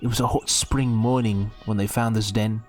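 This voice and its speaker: A man voicing a shy young man who stammers and tells a sad story slowly and wistfully, reading it out from a story game. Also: on the low side, steady tone, a little mellow, soft background music, lightly acted.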